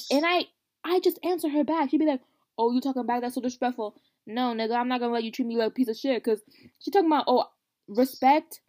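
A young woman in casual podcast chat with a high voice. She rants animatedly in slang, mimicking the people she complains about. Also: darkish tone.

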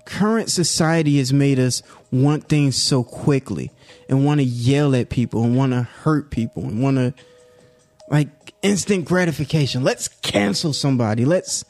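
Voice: medium pitch, a little mellow. A commentary YouTuber talking in a casual, reflective vlog monologue, slangy and laid-back, dropping "yo" often and musing in a self-encouraging way.

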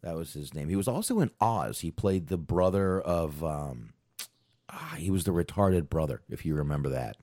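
Very deep-voiced rambling podcast host. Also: male voice, animated, moderate pace, warm tone, no echo, studio quality. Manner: rambling, thinking aloud while looking things up. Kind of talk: casual chat about a film.

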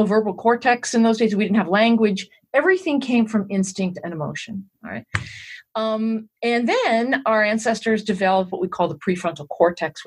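A woman being interviewed as an expert, explaining ideas in an animated way and checking in with her listener as she goes. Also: mid-range voice, breathy edge. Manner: animated, explains step by step with "all right" check-ins. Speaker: guest expert on emotional intelligence.

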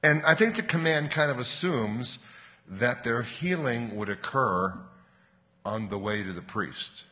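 A man preaching a sermon as pastor, earnest and explanatory, pressing hard on key words and slowing down to stress a point. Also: medium pitch, expressive, bright, forceful tone. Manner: earnest, explanatory, with emphatic rises and slowed stresses. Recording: long hall reverb.

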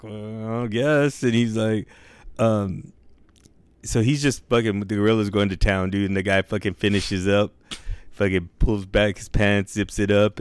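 A man's voice: lowish voice, no room sound. A young man telling a long crude joke in casual, profane slang, drawing out his words. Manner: profane, drawn-out slangy delivery. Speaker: joke teller.

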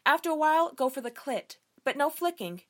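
A woman's voice: high-pitched, expressive, fairly quick, fairly bright tone, pitched above the performer's own voice. A woman reading aloud the lines of a confident, sexually frank heroine from a romance novel, in an instructive, frank way.

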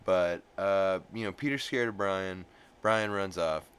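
A man's voice: deep voice, unhurried, fairly bright tone, clear, resonant tone. A man hosting a podcast, casually recapping an episode in a rambling, profane way with lots of fillers.

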